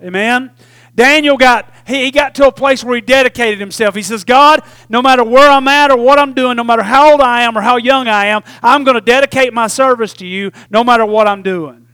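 A man's voice: very high-pitched, fairly quick, pushed and bright, clear, resonant tone, dry recording. A man, preaching a sermon in a folksy call-and-response manner. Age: 40s. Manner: call-and-response preaching, repeatedly asking "Amen?"; folksy Southern phrasing with "y'all". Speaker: pastor.

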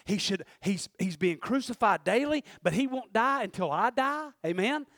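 A high-voiced man preaches a sermon in a close, dry recording with little room sound. Loose and conversational, he laughs often, acts out the voices of people he quotes, and sounds animated and a bit bright at a normal speed.

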